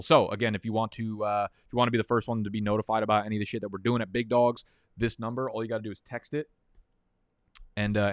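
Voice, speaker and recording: A man's voice: fairly low pitch, clear, resonant tone, no echo, studio quality. Profane, rambling man streaming a fantasy draft. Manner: rambling, profane, tangent-prone. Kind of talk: casual livestream chat.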